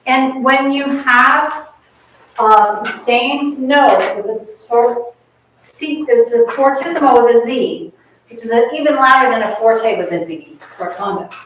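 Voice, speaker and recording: A woman's voice: on the high side, a little slow, fairly bright tone, slight background noise. A woman coaching a chamber ensemble, encouraging and singing musical phrases on nonsense syllables. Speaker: masterclass coach. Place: large echoey rehearsal room. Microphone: far camera mic. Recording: very echoey room, distant mic.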